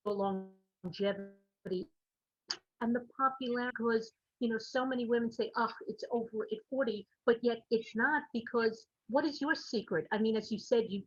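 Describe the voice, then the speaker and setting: A woman's voice: fairly high pitch, breathy edge, dry recording. Effusive woman host on a muffled line. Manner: effusive, recaps before asking. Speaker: talk show host. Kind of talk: interviewer's question.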